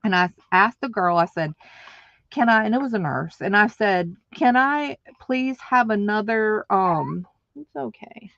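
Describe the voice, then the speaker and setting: A woman's voice: mid-range voice, animated, measured pace, vocal fry, a bit bright, no room sound, highs cut off. A woman, casually telling a story in a rambling, emotional way, full of fillers, and tearful at times. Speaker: vlogger.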